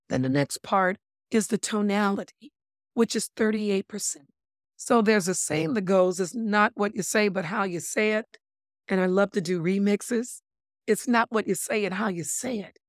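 A woman speaking as a body language expert in a casual interview, talking in an animated, emphatic way with playful wordplay and calling listeners "my lovelies". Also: medium pitch, no echo, studio quality.

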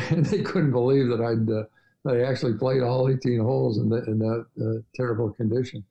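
An older man recounts his travels in a relaxed, mellow voice. He rambles along with frequent "uh"s and restarts, like a guest in a casual chat. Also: mid-range voice, a little fast, creaky, lo-fi sound. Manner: rambling, many fillers and restarts. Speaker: podcast guest. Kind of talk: casual storytelling interview.

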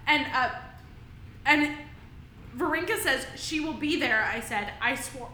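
A high-voiced woman with a bright, clear tone talks through her book notes on a podcast and laughs often. She has the hiccups, and her voice rings in an echoey room. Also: animated, measured pace, slight background noise. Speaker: podcast co-host. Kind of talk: casual book discussion.

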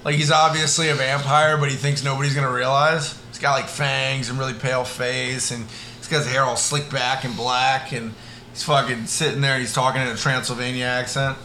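A man's voice: medium pitch, little pitch movement, a little fast, bright, forceful tone, roomy sound, slight background noise. A man co-hosting a podcast who chats casually. He riffs, jokes and swears as he spins off-the-cuff stories. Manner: joking, crude, riffing storyteller. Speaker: podcast co-host. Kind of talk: casual chat.

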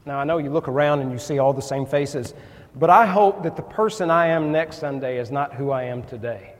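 A man's voice: medium pitch, a little fast. A man preaching a sermon in a church, earnest and folksy, acting out little conversations with churchgoers. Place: church sanctuary. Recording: long reverb in a church hall.

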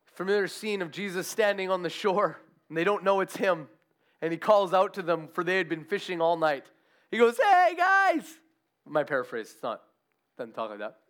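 A man preaching a sermon, telling a Bible story with animated, acted-out quotes. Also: sits high, fairly quick. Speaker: pastor.

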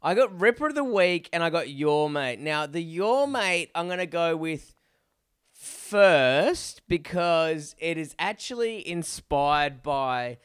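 A man's voice: fairly high pitch, big pitch swings, takes it slowly, fairly bright tone, clear, resonant tone, dry recording, clean studio sound. A man co-hosting a podcast in casual chat, swearing freely and rambling through restarts. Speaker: podcast co-host.

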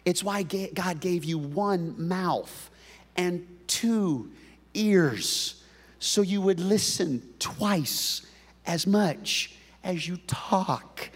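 A man's voice: high voice, extremely slow. A man preaching a sermon as pastor, folksy and joking, often stumbling and restarting his words. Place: church sanctuary. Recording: long reverb of a church hall.

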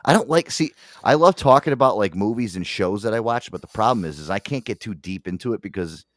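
Profane low-voiced male radio host. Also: expressive, fast talker, fairly bright tone, dry recording, studio quality. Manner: loose, profane banter. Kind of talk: casual call-in chat.

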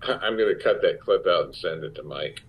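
A man telling an animated, profane story as an interview guest, acting out the lines of other people. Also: sits low, brisk, slight background noise. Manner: animated, profane anecdote-telling with acted-out quotes. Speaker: actor guest. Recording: dull lo-fi sound.

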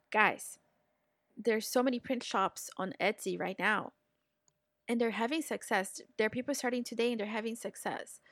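A woman's voice: a little high, no echo, studio quality. Upbeat woman podcast host. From Brazil. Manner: energetic, encouraging, talks straight to listeners. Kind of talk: motivational business podcast.

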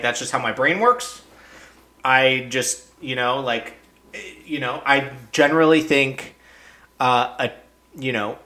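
A young man podcaster recapping in a loose, casual way, his voice at an ordinary middle pitch. He swears constantly and breaks into incredulous rants that jump sharply higher before settling back down. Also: sharp tone. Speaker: podcast host.

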